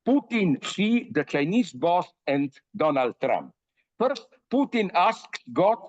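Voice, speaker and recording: A man's voice: high-pitched, big pitch swings, takes it slowly, no room sound. An older man philosopher talking in an interview, emphatic and full of fillers and restarts. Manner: emphatic, many fillers and restarts, tells jokes. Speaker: philosopher guest. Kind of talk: animated interview talk. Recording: dull dry audio.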